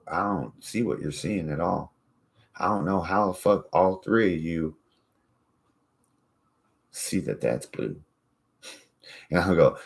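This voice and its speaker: A man with a low, deep voice rants loosely to his camera. He rambles, swears freely and mocks the people he talks about. The talk is loose and unscripted. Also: vocal fry. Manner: rambling, profane and mocking. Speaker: vlogger. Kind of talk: casual profane rant.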